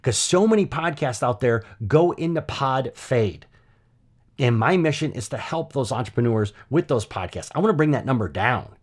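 A man's voice: medium pitch, normal speed. Chatty male podcast host telling his story. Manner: conversational, animated storytelling with frequent "you know" and "right?". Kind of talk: personal story monologue.

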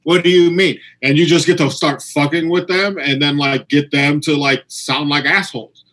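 A man, a comedian, talking in a casual chat and acting out quoted exchanges with lively energy. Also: fairly high pitch, moderate pace, low-quality recording. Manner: animated, acts out quoted exchanges.

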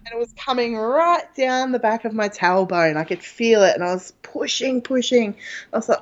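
A woman's voice: on the high side, moderate pace. A woman guest telling a personal story in a frank, chatty way, with plenty of fillers. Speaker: interview guest. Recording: dull lo-fi audio.

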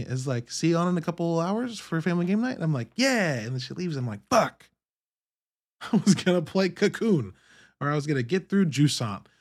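A man in his thirties hosting a podcast, talking in a candid, profane, animated monologue. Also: mid-range voice. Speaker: podcast host. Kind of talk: casual monologue.

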